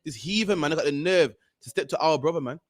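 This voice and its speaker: A man hosting a talk show, ranting in a heated, animated way and tagging sentences with "man". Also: fairly high pitch, fast, dry recording. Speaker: podcast host. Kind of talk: ranting casual commentary.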